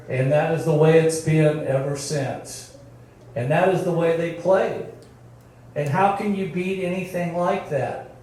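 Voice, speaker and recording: A man's voice: on the high side, steady tone, measured pace, darkish tone, slight background noise. An older man, a former football coach, giving a folksy, storytelling speech at a team reunion. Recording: very echoey, from far off.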